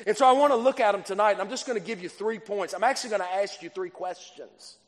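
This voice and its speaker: A preacher with a voice high for a man gives an earnest sermon, talking fast while circling back over phrases and restarting sentences to work through his point. A long reverb from the church hall rings around him.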